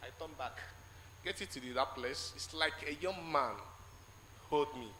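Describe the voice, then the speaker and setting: A man's voice: a little high, pushed and bright. Nigerian man giving an echoey church testimony. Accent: Nigerian English. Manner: halting storytelling, acting out quoted exchanges. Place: large church hall. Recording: echoey church hall with faint noise.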